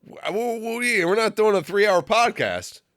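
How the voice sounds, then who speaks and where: A man's voice: sits high, big pitch swings, a little slow, a bit bright, dry recording, clean studio sound. A man co-hosting a podcast, teasing his friend insistently with plenty of swearing. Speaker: podcast co-host. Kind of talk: crude joking banter.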